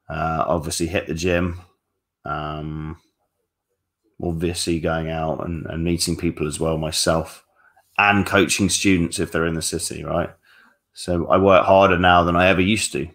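A man's voice: sits low, a bit bright. A man working as a dating coach, answering viewer questions on a live stream in a casual, blunt and frank way, swearing freely.

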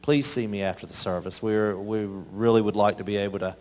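A man's voice: lowish voice, fairly even intonation, fairly quick, a little mellow. A man giving an earnest, plain-spoken announcement to a church congregation about volunteers. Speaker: guest speaker giving relief update. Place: church sanctuary.

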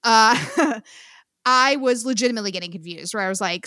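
Lively high-voiced woman co-hosting a podcast. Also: fast, dry recording, studio quality. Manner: animated, swears freely, laughs often. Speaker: podcast co-host. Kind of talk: casual chat.

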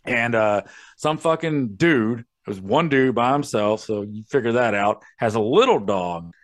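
A man's voice: medium pitch, expressive, a little slow. A man hosting a podcast, ranting and telling stories in a casual, profane way. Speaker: podcast host.

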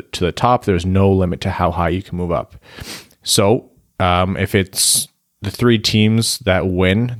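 Man, podcast co-host, very low voice, halting explanation, dry close sound. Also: no room sound. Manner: halting, explaining with fillers, exasperated.

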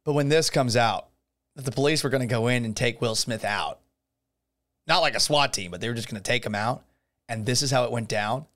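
A man's voice: medium pitch, fairly quick, a bit bright. A man hosting a solo podcast, talking casually and sarcastically, ranting and swearing about the news. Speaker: podcast host.

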